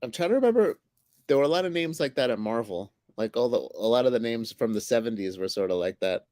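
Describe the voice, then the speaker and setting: A man's voice: mid-range voice, lively intonation, fast, darkish tone, dry recording. A man chatting casually on a livestream, meandering and hesitant with many fillers. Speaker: co-host, writer.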